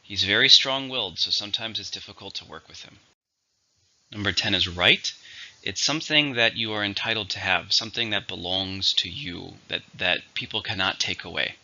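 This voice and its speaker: A man teaching English vocabulary in a slow, clear scripted lesson, repeating each word for learners. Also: lowish voice, bright, forceful tone, muffled recording.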